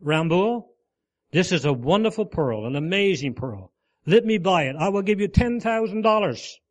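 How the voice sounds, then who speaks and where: A man's voice: medium pitch, steady tone, normal speed, darkish tone, close to an everyday voice. A man playing a sincere missionary. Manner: firm, sincere. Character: male missionary, determined and humble.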